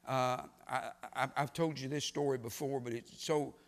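A man delivers a sermon with a gravelly edge to his voice. He tells stories quietly, then surges into loud, emphatic lines. The church around him rings with a long, lingering echo. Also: medium pitch, steady tone, normal speed. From United States. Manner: preaching with sudden loud rises. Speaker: preacher. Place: church sanctuary.

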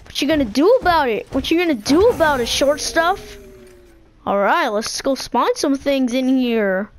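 A high-voiced woman who makes gaming videos gives let's-play commentary at a moderate pace, excitable and boasting in a silly way. Video game music plays over her voice.

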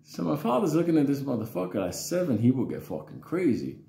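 A man's voice: mid-range voice, wildly swooping pitch, fast, vocal fry, dark tone. A man telling a childhood story in a casual, rambling, profane way with lots of fillers. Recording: roomy echo.

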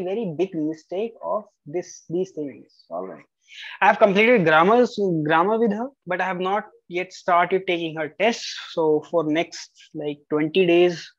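A tutor goes through homework at a slow, unhurried pace, bluntly calling answers right or wrong and spelling words out letter by letter. The voice sits close and dry on a slightly dull, lo-fi recording. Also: mid-range voice, no room sound. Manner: blunt corrections, repeats key rules, spells out letters. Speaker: French tutor. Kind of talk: correcting a student's homework aloud.

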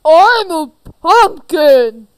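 Woman doing a booming pumpkin spirit. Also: expressive, no echo, full character voice. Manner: slow, drawn-out booming chant. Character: chanting male pumpkin spirit, eerie and grand. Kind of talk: fan machinima voice acting.

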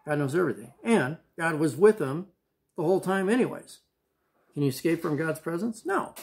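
A man's voice: a little high, a little hiss or hum. Upbeat man teaching kids a Bible lesson. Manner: casual, upbeat, asks children questions.

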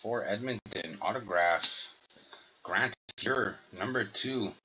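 A man opening packs of hockey cards, slowly reading out each player's name and number. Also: lowish voice, pushed and bright. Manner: halting, reads names and numbers aloud. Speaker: card collector opening packs. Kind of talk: slow unboxing commentary. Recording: dull lo-fi sound with faint noise.

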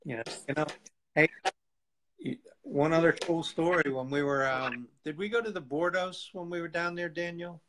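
A man's voice: fairly high pitch, normal speed, low-quality recording. A man, a guest evangelist, telling testimony stories in a casual live chat, laughing and acting out what people said. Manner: lively storyteller, laughs often, acts out quotes.

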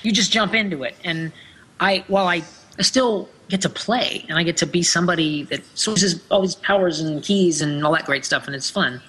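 A man's voice: fairly high pitch, normal speed, pushed and bright, breathy edge. A man in his thirties, a voice actor, chatting playfully and joking in an interview. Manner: playful, jokey, laughs often. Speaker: voice actor guest. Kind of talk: casual interview chat.

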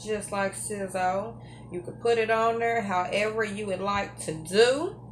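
Woman, cooking host, unhurried, homey drawl, mid pitch, faint background hum. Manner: chatty, homey, drawls in a put-on country voice. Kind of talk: casual cooking demo.

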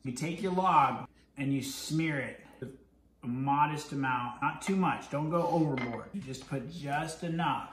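A man's voice: on the high side, unhurried. A man in his thirties vlogging casually, playful and jokey. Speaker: vlogger, husband. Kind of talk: casual vlog chat. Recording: echoey room with faint noise.

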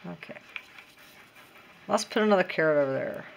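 A woman's voice: on the low side, expressive, normal speed, vocal fry, a little hiss or hum. Chatty, giggly woman crafting. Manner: chatty, giggly, talks to herself. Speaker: DIY craft vlogger. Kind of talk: casual craft tutorial.

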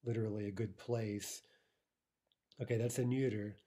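A man teaching a recorded language lesson, explaining patiently, with fillers and restarts, and slowing down to read example words. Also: lowish voice, level tone, warm tone, breathy edge.

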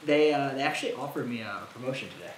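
An actor playing an ambitious young office worker who talks casually and grows defensive, in a naturalistic short film. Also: male voice, medium pitch, animated, racing, close to an everyday voice. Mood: earnest. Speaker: friend with an office job. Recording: echoey room with clear rain noise. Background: rain.

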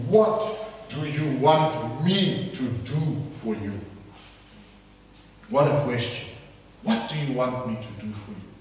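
A man's voice: medium pitch, a little hiss or hum. A male preacher giving an emphatic, dramatic sermon that acts out the people in a story. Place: large church hall. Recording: echoey church hall heard from far off.

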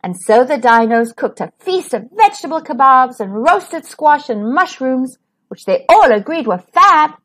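A woman reading a rhyming children's picture book aloud, expressive and sing-song. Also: sits high, measured pace. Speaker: children's storyteller.

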